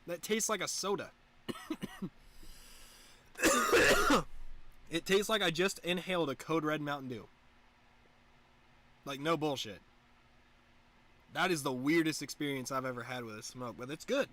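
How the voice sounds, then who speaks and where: A young man rambles through a loose, swear-filled livestream chat while getting high. He keeps his voice lifted into a slightly raised, bright head voice, and his tone is sharp and forward. His delivery is laid-back and wandering. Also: unhurried, pauses often, a little hiss or hum. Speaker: livestream host. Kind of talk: casual stoner livestream chat.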